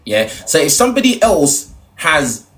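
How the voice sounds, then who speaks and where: Young guy from nigeria hosting a debate, pushy and argumentative, voice swings up and down a lot, bit high. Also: very animated, unhurried, fairly bright tone. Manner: argumentative, interrupts, repeats "hold on". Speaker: podcast host. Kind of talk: heated panel debate.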